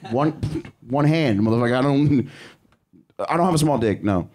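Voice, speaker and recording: A man's voice: mid-range voice, animated, normal speed, darkish tone. A young man doing a crude, rambling stand-up set on a comedy club stage, breaking off to laugh at himself. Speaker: stand-up comic.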